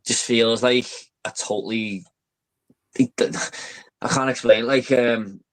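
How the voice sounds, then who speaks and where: A man muses about films in a casual podcast chat. His middle-pitched voice wanders with ums and trailing thoughts, and he often closes with tag questions. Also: fairly even intonation, slow pace. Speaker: movie podcast co-host.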